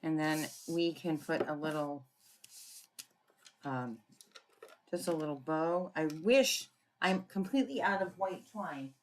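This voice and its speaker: A woman with a low voice walks through a crafting tutorial at her desk. She talks casually and thinks aloud as she works, pausing to clear her throat. Faint clicking sounds come from her tools in the background. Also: slight background noise. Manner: chatty, thinking aloud while working, frequent throat clearing. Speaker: papercraft demonstrator.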